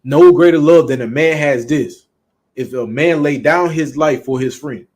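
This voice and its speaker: A man's voice: fairly high pitch, normal speed, darkish tone. A man with a Southern US accent preaching bluntly and emphatically, with frequent profanity. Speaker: street preacher. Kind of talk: preaching talk.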